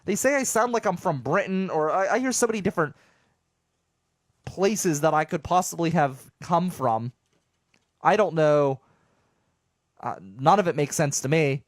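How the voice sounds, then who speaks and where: A man in his thirties from southwestern Pennsylvania, rambling excitably to his viewers in a casual monologue, with an unusual voice people take for foreign. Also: on the high side, measured pace, long pauses, dry recording, studio quality. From southwestern Pennsylvania, USA. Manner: rambling and excitable, with repeated restarts. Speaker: vlogger.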